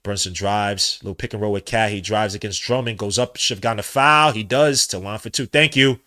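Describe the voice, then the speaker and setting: A young man doing live watch-along commentary as a podcast host, trading muttered play-by-play for loud slangy outbursts. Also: fairly low pitch, a little fast.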